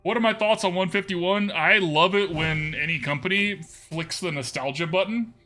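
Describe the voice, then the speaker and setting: A man's voice: sits high, normal speed, sharp tone, soft background music. A man streaming a card game live, chatting casually with his viewers and laughing often. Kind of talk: live gameplay commentary.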